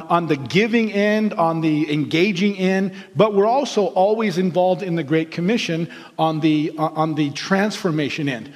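A man's voice: high-pitched, big-room sound. A man preaching a sermon as pastor, earnest and repetitive, telling stories to the congregation.

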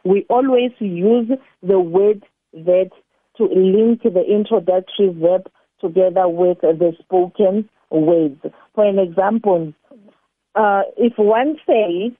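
A woman teaches a grammar lesson at a slow, patient pace, going over each example more than once. Her voice comes through a narrow, phone-like channel. The sound is dry and close, with no room around it. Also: mid-range voice, no echo. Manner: slow, deliberate explaining with repeated examples. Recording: tinny phone-like line, dry.

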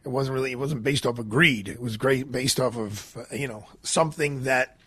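A man's voice: mid-range voice, moderate pace, bright, forceful tone, slightly rough, no room sound. A man hosting a talk radio show, giving emphatic opinions with many fillers and restarts.

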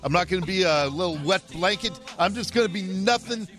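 A man in his fifties hosting a radio talk show, excitable and joking. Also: sits high, a little fast, faint music behind. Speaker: radio host.

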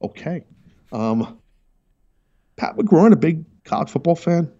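A man hosting a sports talk show, brash and animated, teasing his crew as he talks. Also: fairly high pitch, slow, muffled recording. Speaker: radio show host.

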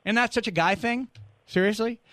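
A man's voice: sits high, a little fast, no room sound. A middle-aged man from New England, a radio host telling stories in a casual interview and acting out the voices of people in them. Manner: animated storyteller who acts out voices.

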